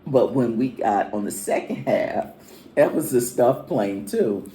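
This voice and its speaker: A woman with a very low, mellow voice chats loosely about a trip. Her pitch swings widely as she rambles, and the room has a noticeable echo. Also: lively intonation, unhurried, a little hiss or hum. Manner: chatty, rambling, many fillers. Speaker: vlog co-host. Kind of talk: casual chat. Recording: echoey room.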